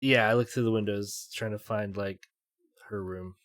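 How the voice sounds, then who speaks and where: Low-voiced man asking short questions. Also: fairly even intonation, moderate pace, a bit bright, no echo, studio quality. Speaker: player. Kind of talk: tabletop game play.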